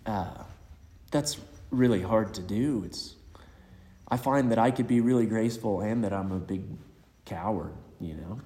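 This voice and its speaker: Low-voiced man giving a reflective eulogy. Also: mellow. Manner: reflective and hesitant, many pauses. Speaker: speaker at a memorial. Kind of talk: eulogy with personal anecdotes. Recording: long hall reverb.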